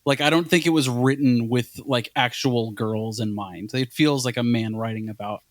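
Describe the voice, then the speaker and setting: Casting: average-pitched man, earnest podcast guest, dry close sound. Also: fairly even intonation, normal speed, no room sound. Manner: earnest, leans on "like". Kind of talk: casual film discussion.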